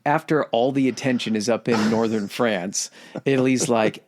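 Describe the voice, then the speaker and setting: A man co-hosting a history podcast, chatting casually and acting out historical figures in quick put-on voices. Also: mid-range voice. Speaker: podcast co-host.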